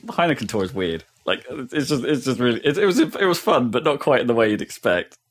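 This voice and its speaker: A man's voice: mid-range voice, sing-song, a little fast. A man co-hosting a podcast, telling a rambling, laughing story in casual chat. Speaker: podcast co-host.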